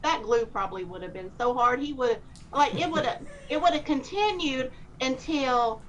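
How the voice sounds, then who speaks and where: A woman telling a personal faith story in a rambling, animated way and acting out the dialogue. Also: high voice, moderate pace. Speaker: speaker sharing a testimony. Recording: muffled with faint hiss.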